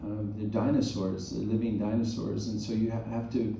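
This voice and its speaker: A man speaking as an actor at a post-screening talkback, reflective and halting, telling anecdotes. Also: on the low side, little pitch movement, gravelly, noisy background. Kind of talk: live stage interview. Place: theater auditorium. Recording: echoey, dull, distant theater audio.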